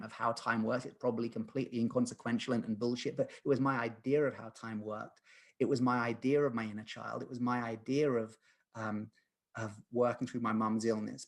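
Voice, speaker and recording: A man in his thirties, a guest who practises lucid dreaming, retelling a dream in a podcast conversation in an earnest, rambling way with many fillers and restarts. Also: medium pitch. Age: 30s.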